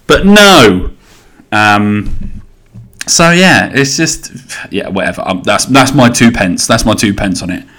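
On his own podcast, a thirtysomething host talks in a lowish, slightly bright voice. The chat is loose and meandering, sprinkled with swearing, and he cuts himself off mid-thought.

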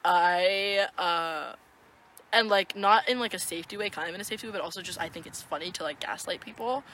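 A woman's voice: on the low side, brisk, a bit bright, a little hiss or hum. A young woman co-hosting a podcast, chatting casually in a rambling, profane way and giggling often. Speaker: podcast co-host. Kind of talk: casual chat.

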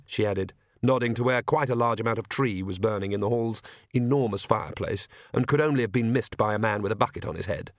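A man's voice: fairly low pitch, steady tone, normal speed, dry recording. Man narrating an audiobook, dry and close. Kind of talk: scripted narration.

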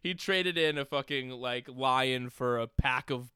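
A man co-hosts a casual podcast, chatty and quick to agree. His voice is bright and crisp, a little high. The sound is dry and close. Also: no room sound. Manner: chatty, agreeable, laughs often. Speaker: podcast co-host. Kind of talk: casual chat.

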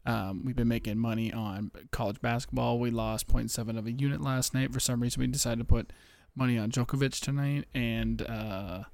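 A young man hosting a casual betting podcast from home late at night, rambling and swearing, keeping his voice low and a bit out of breath. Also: steady tone, moderate pace, creaky, dry recording. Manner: rambling, profane, talking low to keep quiet. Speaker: podcast host.

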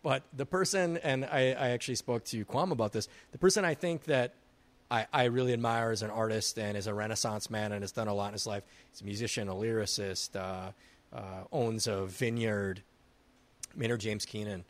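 A man with a low voice chats casually on a podcast. He stays easygoing while he poses the questions and moves the talk along. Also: normal speed. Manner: relaxed, steers the questions. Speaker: podcast co-host. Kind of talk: casual chat.

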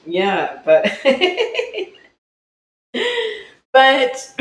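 A podcast co-host telling a story in a casual live-stream chat, animated and laughing often. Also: mid-range voice, very slow. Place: indoor room, streaming live. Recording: roomy echo, faint background hum.

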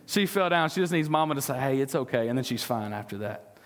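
A man preaching a sermon in a somewhat high voice, earnest and direct. He keeps asking his listeners questions and trips over repeated words now and then. His voice carries a long echo through a church hall. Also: animated, fast, a bit bright. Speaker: discipleship pastor. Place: church sanctuary.

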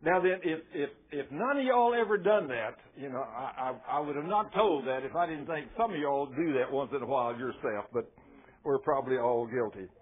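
A man's voice: mid-range voice, animated, normal speed. A man preaching a folksy sermon, telling stories with self-mocking, chuckling asides. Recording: tinny phone-like radio sound.

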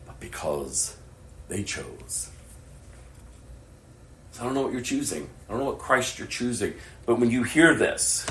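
Deep-voiced impassioned male preacher. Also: expressive, moderate pace, long pauses. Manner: swings from hushed whispers to loud, impassioned preaching. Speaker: pastor. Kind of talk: sermon. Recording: echoey room with faint ambience.

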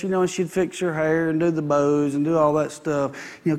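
A man's voice: on the high side, fairly even intonation, a little fast, darkish tone. A man, preaching a sermon in a conversational, folksy way and repeating his phrases. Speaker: pastor. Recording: long hall reverb.

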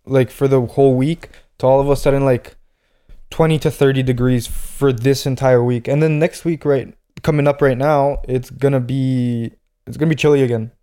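A man's voice: mid-range voice, steady tone, moderate pace, dark tone, clear, resonant tone. A young man co-hosting a podcast, chatting loosely with slang and lots of fillers. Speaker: podcast co-host. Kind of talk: casual chat.

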